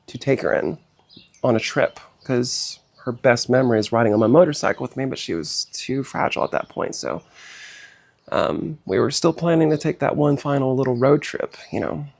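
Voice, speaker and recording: A middle-aged man telling a painful personal story in a halting, emotional way, with many pauses, fillers and sighs. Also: medium pitch, creaky. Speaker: personal vlogger.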